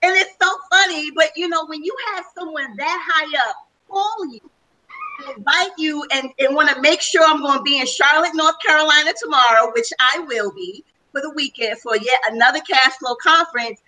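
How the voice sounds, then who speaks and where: A woman's voice: sits high, moderate pace, bright, forceful tone, rough recording. A woman speaking as a panel guest on a webinar, telling her personal story with enthusiasm. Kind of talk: testimonial on a webinar call.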